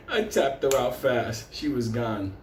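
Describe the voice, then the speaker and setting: A man spins a rough story in a rambling, heavily cursing way and laughs often as he goes. His voice sits at an ordinary male pitch. The recording has a roomy echo and faint background ambience. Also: a little hiss or hum. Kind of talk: casual storytelling. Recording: echoey room with faint ambience.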